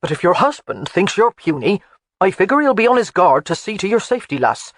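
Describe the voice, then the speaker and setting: A narrator voicing a blustering, fond old Highland man in an audiobook, blunt and scolding. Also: very animated, fairly quick, a bit bright, slight background noise, full character voice. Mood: coaxing. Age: older. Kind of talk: audiobook character voice.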